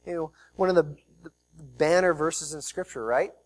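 Male pastor, higher-pitched voice, dynamic sermon delivery, swings from loud to hushed. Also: moderate pace. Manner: dynamic preaching, swinging from loud emphasis to quiet.

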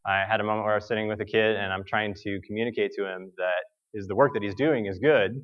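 An American man preaching a sermon, telling a personal story in a halting way with many fillers and restarts. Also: lowish voice, fairly even intonation, muffled recording. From United States.

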